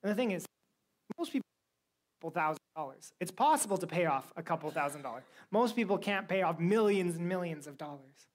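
Woman preacher with a lowish voice, chatty and animated sermon delivery. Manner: animated, conversational, slangy storytelling.

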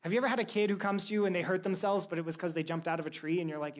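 A woman's voice: medium pitch, animated, quick pace, few pauses. A woman teaching a Bible lesson to a young church group, telling the story with energy and quizzing her listeners.

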